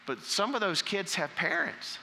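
Male pastor, sermon delivery, strongly bright tone, long hall reverb around him. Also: sits high, very animated, moderate pace, gravelly, a little hiss or hum. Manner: preaching with rising emphasis and scripture reading.

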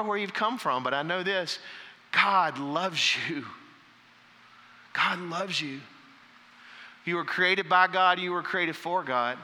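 A man's voice: a little high, pushed and bright, long reverb tail. A man preaching a sermon as pastor, reading scripture aloud with rising emphasis.

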